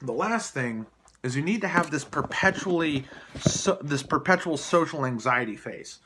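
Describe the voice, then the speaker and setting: A man's voice: on the high side, animated, normal speed, background noise. A man doing improvised, single-take vlog commentary in a mocking, sarcastic, rambling way, recorded on a camera placed below him. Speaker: vlogger.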